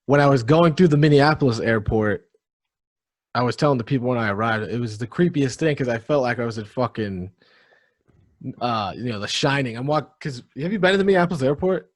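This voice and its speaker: Young male podcast co-host, mid pitch, laid-back and profane, dry close-mic sound. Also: animated, a little fast, dry recording. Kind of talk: casual chat.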